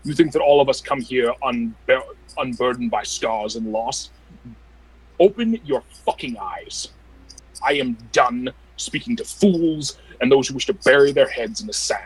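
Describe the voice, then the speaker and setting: A man's voice: mid-range voice, a little slow, slightly rough, rough recording. A man playing a grim, scornful warrior leader in a tabletop game, speaking with anger. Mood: bitter, defiant. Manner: angry, scornful speech. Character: defiant male warrior leader, bitter and grim. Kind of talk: tabletop role-play.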